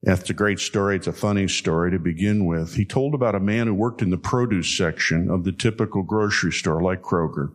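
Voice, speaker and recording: Guy preaching, lowish voice, folksy storyteller, slows way down to hammer a point. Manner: folksy storytelling, repeats key lines slowly for emphasis. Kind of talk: sermon.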